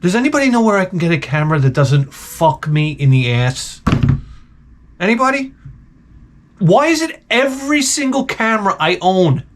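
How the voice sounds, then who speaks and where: A man's voice: sits high, sing-song, moderate pace, noisy background. A man giving blunt, profane advice in a rambling comedic rant, a little tipsy from beer. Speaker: advice vlogger answering viewer questions.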